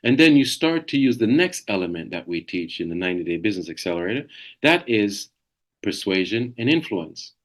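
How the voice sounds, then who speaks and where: A man's voice: lowish voice, big pitch swings, a little fast. A middle-aged man leading a sales coaching webinar over a video call, talking emphatically and repeating key phrases.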